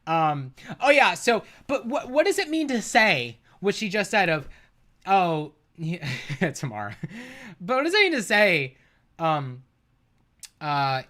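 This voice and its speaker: A man's voice: high-pitched, huge pitch swings, measured pace, sharp tone. Heated, swearing male streamer arguing points. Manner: profane, argumentative, exasperated, often laughing. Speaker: streamer reacting to a debate. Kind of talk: heated livestream commentary.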